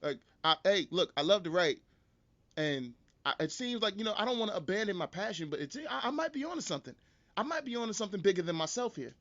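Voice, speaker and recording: A male podcast host on an animated, profane and joking comedic rant. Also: sits high, fast, dull audio.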